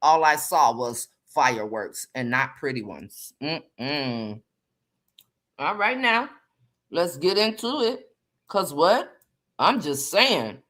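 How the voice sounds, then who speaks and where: A woman hosting a casual live chat, animated and slangy, greeting viewers by name as she talks. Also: low voice, slow. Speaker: livestream host.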